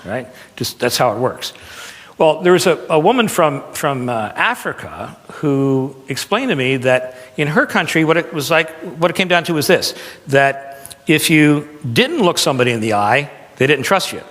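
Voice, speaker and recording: Animated male coach in a reverberant hall. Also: a little high, normal speed. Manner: animated, conversational, demonstrates with emphasis. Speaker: presentation skills coach. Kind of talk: live seminar talk.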